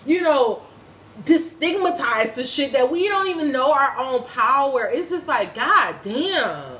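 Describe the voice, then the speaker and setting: A woman gives a casual spiritual reading in a vlog, ranting bluntly and profanely like a preacher. Her voice sits high and sounds sharp, with big pitch swings at a normal speed, and the room is echoey with faint ambience.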